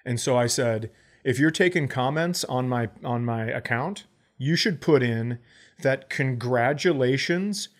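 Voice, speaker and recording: A man in his forties telling a comic story on a podcast, acting out both sides of the conversations as he goes. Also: mid-range voice. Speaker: podcast co-host, comedian. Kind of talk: casual storytelling chat.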